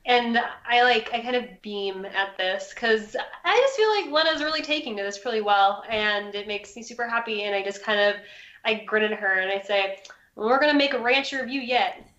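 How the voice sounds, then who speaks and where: A woman's voice: on the high side, animated, normal speed, fairly bright tone, dull audio. A woman playing a character in a tabletop game, chatty and full of hedging fillers. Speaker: player. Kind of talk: tabletop role-play. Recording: roomy echo.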